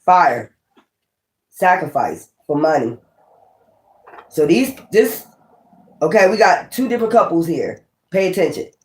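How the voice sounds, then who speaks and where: A woman's voice: on the low side, lively intonation, a little slow, pauses often, darkish tone. A woman giving a casual tarot reading, blunt and profane, thinking aloud as she goes. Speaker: tarot reader. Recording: roomy echo.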